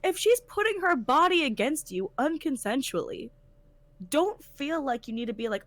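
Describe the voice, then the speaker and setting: Woman, casual podcast chat, emphatic, profane, high-ish voice, dry sound. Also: normal speed, no room sound. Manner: emphatic, swears a lot, animated retelling. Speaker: podcast co-host; tournament organizer.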